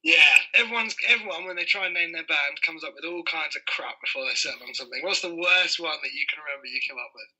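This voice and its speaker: A man's voice: fairly high pitch, sharp tone, low-quality recording. A man hosting a radio show, talking in a rambling, casual way with lots of fillers. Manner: rambling, quick, full of fillers. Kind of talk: casual chat.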